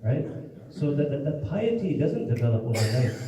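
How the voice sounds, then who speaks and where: A man's voice: medium pitch, normal speed, background noise. A man giving a mosque lecture, telling stories and acting out the voices of the people in them. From United States. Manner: animated storytelling, acts out quoted voices. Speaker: mufti giving a religious lesson. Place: mosque hall. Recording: echoey distant hall recording, dull sound.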